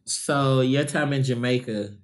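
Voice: medium pitch, unhurried. Us podcast host, blunt and direct, swears a lot, plain mid voice. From United States. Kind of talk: casual podcast chat.

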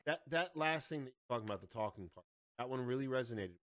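A man's voice: mid-range voice, animated, quick pace, dry recording, studio quality. A man in his forties telling a story in casual podcast chat, swearing a lot and growing heated. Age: 40s. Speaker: podcast co-host.

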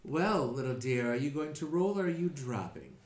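A man's voice: mid-range voice, sing-song, moderate pace, a little mellow, roomy sound. A man acting as dungeon master, narrating a tabletop game and laughing often. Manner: laughs often, voices tavern characters.

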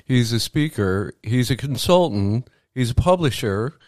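Man, radio co-host, middle pitch, excitable chat, dry close mic. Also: unhurried, dry recording. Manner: chatty and excitable, stumbling over words. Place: small home studio. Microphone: studio mic.

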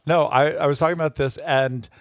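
A man's voice: fairly high pitch, fairly even intonation, brisk. A middle-aged man co-hosting a podcast, telling rambling stories in casual chat. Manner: rambling storyteller. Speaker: podcast co-host.

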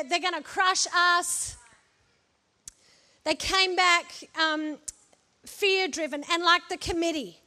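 A woman's voice: very high-pitched, pushed and bright. A woman preaching a sermon in a conversational way, with humorous asides and rhetorical questions to the congregation.

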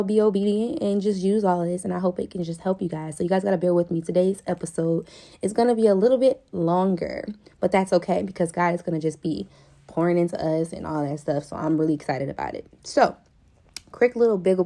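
Brief: young woman, faith vlogger, excitable casual Bible talk, mellow lowish voice. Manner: hyped, chatty, laughs often.

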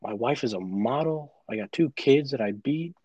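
A man's voice: medium pitch, normal speed, slightly rough, no room sound, muffled recording. Young man riffing absurd jokes. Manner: absurd deadpan jokes, riffs in silly bits. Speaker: podcast co-host. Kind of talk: casual chat.

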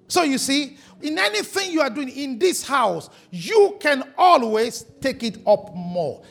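A man preaching a sermon as pastor, hitting key words hard and drawing them out. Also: high voice. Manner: emphatic preaching, stretching and shouting key words.

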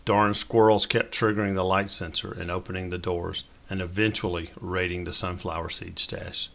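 A man narrating a story in a steady, descriptive way. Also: low-pitched, moderate pace, creaky. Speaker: audiobook narrator.

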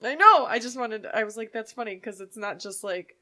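High, lively, profane woman. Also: brisk. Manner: profane, loud and jokey. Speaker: podcast co-host. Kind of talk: casual chat.

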